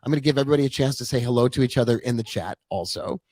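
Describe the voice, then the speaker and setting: A man's voice: mid-range voice, racing, darkish tone, no room sound. A man in his forties, a trading coach, telling his own story in a casual, chatty live-stream talk full of asides.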